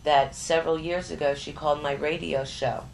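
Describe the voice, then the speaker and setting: A middle-aged woman, a psychic guest in an interview, telling a story with lively energy. She stumbles and repeats words as she goes. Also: deep voice, moderate pace, creaky, slight background noise, low-quality recording. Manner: lively, stumbles and repeats words, acts out other people's voices.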